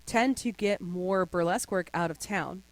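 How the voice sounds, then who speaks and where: A woman's voice: lowish voice, normal speed, no echo. A young adult woman as a podcast guest, telling stories in casual chat and slipping into voices now and then. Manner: animated storyteller, slips into voices.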